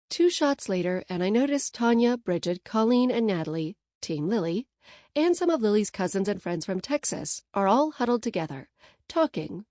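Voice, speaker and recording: A woman's voice: mid-range voice, a little mellow, no echo. A young woman reading a first-person audiobook aloud, wry and sardonic, on a close studio mic. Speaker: audiobook narrator. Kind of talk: first-person scripted narration.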